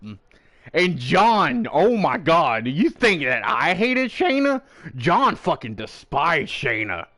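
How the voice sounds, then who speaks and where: A man on a game stream recounts a story in loose, casual talk, his somewhat high voice swinging widely in pitch. He swears constantly and acts out every quoted line as he tells it. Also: slow pace. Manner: profane, animated, acts out quoted people in the story. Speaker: gaming streamer.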